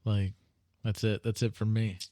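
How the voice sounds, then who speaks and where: A man co-hosting a podcast in casual chat, hesitant and quick to laugh. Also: fairly low pitch, level tone, mellow, dry recording. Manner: hesitant, many fillers and restarts, laughs a lot. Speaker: podcast co-host.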